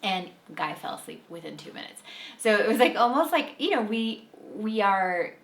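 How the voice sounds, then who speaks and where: A woman hosting a casual spiritual talk, chatty and animated, filling her speech with "like" and acting out the voices she quotes. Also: medium pitch, moderate pace, echoey room. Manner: chatty, uses "like" constantly, animated quoting. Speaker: podcast host and intuitive guide.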